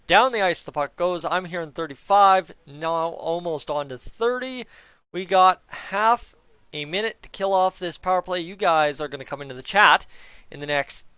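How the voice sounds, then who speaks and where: A man hosting a live fan reaction stream, excitable and chatty, sometimes counting down the clock in an auctioneer patter. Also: high voice, normal speed, smooth, no echo.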